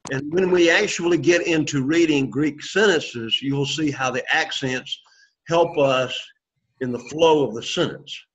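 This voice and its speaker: A man's voice: fairly high pitch, measured pace. Patient male Greek teacher, muffled recording. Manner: patient, repetitive explaining with frequent "okay?" check-ins. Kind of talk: classroom lesson. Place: classroom.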